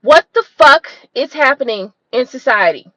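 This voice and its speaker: A woman's voice: high voice, lively intonation, normal speed, sharp tone, no echo, low-quality recording. A woman hosting her own channel, ranting in a blunt, profane, exasperated way full of rhetorical questions. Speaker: tarot reader and channel host. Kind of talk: unscripted livestream rant.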